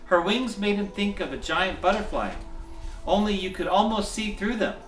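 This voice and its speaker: A man in the role of Santa, reading a bedtime story in a gentle, chuckling, folksy way. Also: high-pitched, lively intonation, moderate pace. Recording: echoey room, mic at a distance, soft music.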